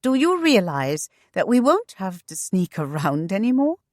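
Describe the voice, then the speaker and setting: A woman's voice: medium pitch, big pitch swings, a little slow, a little mellow, dry recording, clean studio sound. Woman voicing an impish young heiress. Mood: playful. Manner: impish and teasing. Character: spirited young heiress, playful.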